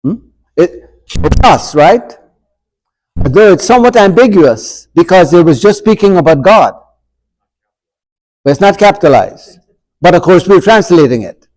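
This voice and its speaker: Guy with a fairly high voice running a bible study, chatty, keeps quizzing the room and doing little bits of dialogue. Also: animated, measured pace, pauses often, a little mellow, rough recording. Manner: conversational, asks the group questions, acts out dialogue with humor. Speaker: pastor leading an adult forum. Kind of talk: informal Bible class teaching. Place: church room.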